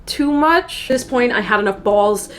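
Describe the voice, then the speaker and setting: Casting: young woman in her twenties, slightly high voice, loose filler-heavy storytime chat. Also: animated, moderate pace, fairly bright tone. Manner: rambling, filler-heavy, frank and profane. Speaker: content creator.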